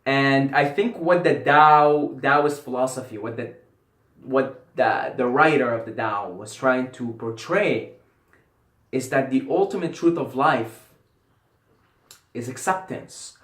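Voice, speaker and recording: A man's voice: medium pitch, slow pace, fairly bright tone. A man giving a casual philosophical monologue to camera as a vlogger, rambling and repeating phrases for emphasis with casual swearing. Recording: roomy echo.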